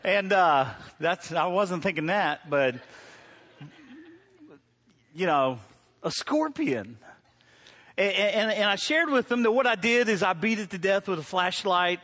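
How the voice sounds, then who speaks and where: Middle-aged male pastor, high-pitched, conversational sermon with loud preaching peaks. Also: animated, unhurried, long pauses. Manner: storytelling, swings from quiet to loud preaching.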